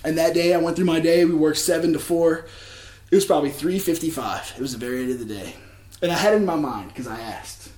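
A man telling a personal faith story to a church crowd, earnest and often laughing, going quiet when emotional. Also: a little high, quick pace, echoey room. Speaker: church speaker. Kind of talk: personal testimony.

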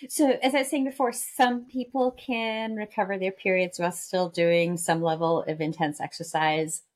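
A woman speaking as a guest expert in a podcast conversation, explaining in a measured way with frequent fillers. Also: on the low side, steady tone. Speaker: guest expert on missing periods.

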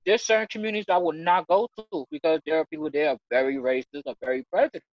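High-pitched guy telling his story, emotional and earnest, keeps restarting, dry slightly muffled sound. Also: no room sound. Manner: earnest, halting with repeated restarts. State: emotional, near tears. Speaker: church member sharing his story. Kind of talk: emotional personal testimony.

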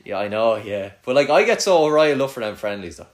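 A man's voice: mid-range voice, big pitch swings, fast talker. A young man with a rural Irish accent chatting casually, swearing freely and trailing off into mutters. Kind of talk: casual chat.

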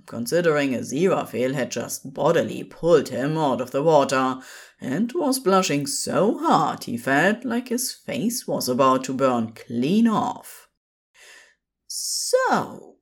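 A woman narrating a story in an expressive, unhurried storybook manner. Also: low voice, slightly rough. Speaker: podfic reader.

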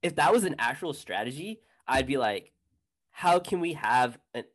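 A man's voice: medium pitch, lively intonation, normal speed, fairly bright tone. A laid-back young man co-hosting a casual chat, often saying "dude". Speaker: podcast co-host.

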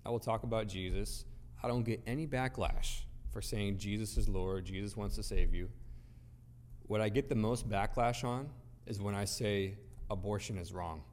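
A man's voice: on the low side, moderate pace, darkish tone, a little hiss or hum. A man preaching a sermon to a gathered audience, speaking emphatically with rhetorical questions and repeated phrases. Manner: emphatic, rhetorical, builds points through repetition. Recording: long reverb of a large hall.

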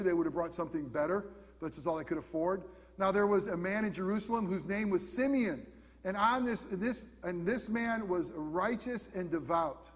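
Man, preacher, sermon, high-pitched, repeats questions, loud then hushed. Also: breathy edge, big-room sound.

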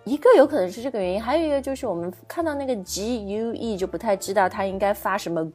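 A woman's voice: mid-range voice, quick pace, dark tone, soft background music. A woman co-hosting a bilingual lesson, explaining pronunciation patiently and checking in with her listeners. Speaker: English pronunciation teacher, co-host.

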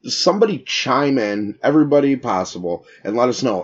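A foul-mouthed man co-hosting a podcast, telling stories in a husky, slightly breathy voice and laughing at his own jokes. The sound is dull and lo-fi, like a cheap home mic. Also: medium pitch, very animated, fairly quick. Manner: crude, swearing storyteller who laughs at his own jokes. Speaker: podcast co-host. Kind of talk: casual crude banter.

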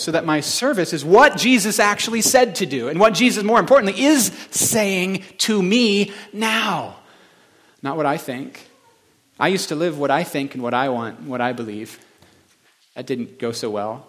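A male pastor giving a conversational sermon that swings between quiet, reflective passages and emphatic building moments. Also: on the high side.

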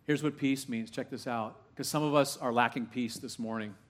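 A male pastor in the pulpit, talking to his congregation rather than at them. He fires off question after question, drops to a hush, then climbs to loud, excited peaks, with his voice sitting in an ordinary middle pitch for a man. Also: normal speed. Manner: conversational preaching full of questions to the congregation; swings from hushed asides to loud, rising exclamations. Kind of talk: sermon. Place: church sanctuary with a live congregation.

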